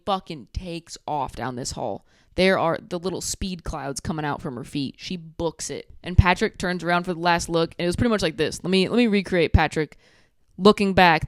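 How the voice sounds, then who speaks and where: A young woman recapping a reality show in a sarcastic, animated way, acting out what people said. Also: fairly low pitch, smooth, no echo, clean studio sound. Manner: sarcastic, animated, acts out quotes. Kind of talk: casual recap commentary.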